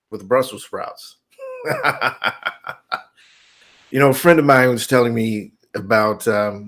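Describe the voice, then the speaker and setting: A man in his forties hosting a daily reminder, telling a lively motivational story with bursts of mock outrage and laughter. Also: medium pitch. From United States. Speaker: host of a daily reminder series.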